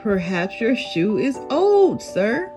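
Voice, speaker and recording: A woman voicing a polite, patient female pterodactyl police officer in a storybook, speaking calmly. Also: on the high side, slow, music in the background.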